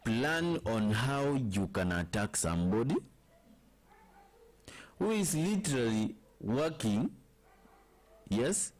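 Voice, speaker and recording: A man with a Kenyan accent co-hosting a casual political chat, measured and deliberate. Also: medium pitch, sing-song. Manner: measured and deliberate, with short affirming murmurs.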